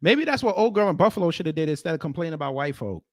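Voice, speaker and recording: A man's voice: on the high side, sing-song, very fast, no echo. A man hosting a livestream, giving casual reaction commentary and repeating short phrases. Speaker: livestream host.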